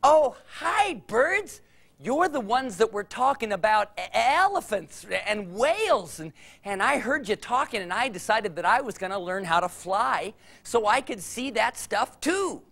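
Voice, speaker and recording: A man's voice: high voice, very animated, a little slow, creaky, fairly bright tone, heavily acted. A man voicing an eager young male turtle who stammers when nervous, in a told story.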